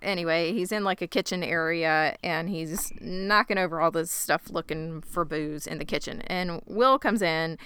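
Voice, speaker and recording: A woman casually recapping a TV episode on a podcast, animated and joking as she acts out lines. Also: lowish voice, moderate pace, hardly any pauses, slight background noise. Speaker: podcast co-host recapping a TV show. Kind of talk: casual chat.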